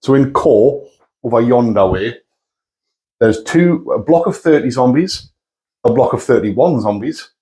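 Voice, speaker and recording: A man's voice: mid-range voice, lively intonation, unhurried, dark tone, low-quality recording. A man co-hosting a tabletop wargame battle report, talking casually and correcting himself as he goes. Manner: easygoing, rambling, self-correcting. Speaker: co-host of a tabletop wargaming channel. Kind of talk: casual chat.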